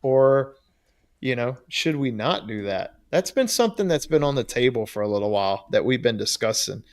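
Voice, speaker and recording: On a relaxed trade podcast, a male co-host with a medium-pitched, expressive voice talks at a normal speed. The conversation is loose and rambling, and he laughs a lot.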